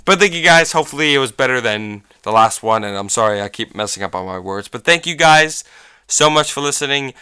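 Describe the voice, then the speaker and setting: A man's voice: on the low side, animated, a little fast, bright, forceful tone, clear, resonant tone, no echo, studio quality. A young man hosting a casual podcast, telling a story in a rambling, profane way with many restarts and laughs. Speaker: podcast host.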